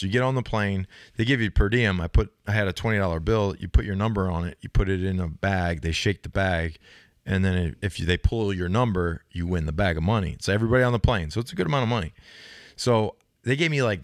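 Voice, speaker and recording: A man in his thirties spins loose, profane locker-room stories on a podcast, his voice low-pitched and slightly hoarse. The sound is close and dry, with no room echo. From United States. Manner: animated storyteller, loose and profane. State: slightly hoarse, says he can't speak well. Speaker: podcast co-host, former linebacker. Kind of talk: casual storytelling chat.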